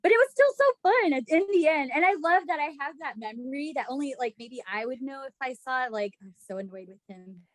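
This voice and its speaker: A woman's voice: sits high, expressive, fast talker, few pauses, dry recording. A woman co-hosting a podcast in casual chat, telling stories, laughing often and acting out what she said back then. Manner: chatty storyteller, laughs often, acts out her own past lines. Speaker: podcast co-host.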